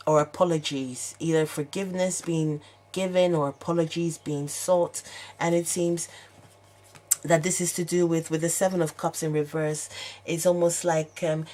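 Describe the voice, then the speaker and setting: A woman's voice: deep voice, dark tone. A woman giving an unscripted tarot reading, hesitant and searching, with many fillers and restarts. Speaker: tarot reader.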